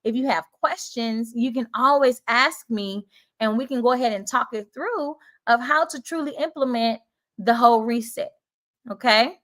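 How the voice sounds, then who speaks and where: Woman, Southern twang, teacher coach, live-stream host, encouraging, fairly high voice. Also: moderate pace, fairly bright tone. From Southern United States. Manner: encouraging, chatty, reads out viewer comments. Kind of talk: casual live-stream talk to viewers.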